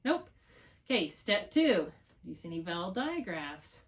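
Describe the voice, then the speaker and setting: A woman's voice: fairly low pitch, big pitch swings, normal speed, far from the mic. A woman tutoring one student in spelling, patiently thinking aloud through each step. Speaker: reading tutor.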